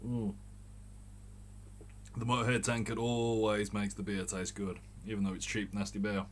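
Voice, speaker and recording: There's a little hiss or hum behind this lowish male voice, which shows little pitch movement and moves at normal speed. He's a podcast host in his thirties from Birmingham, England, with a mild accent, casually ranting alone in a chatty, rambling, sweary way.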